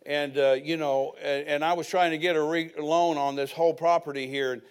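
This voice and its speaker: A man's voice: a little high, steady tone, moderate pace, clear, resonant tone. An older man preaching a sermon as pastor, telling personal stories with folksy asides.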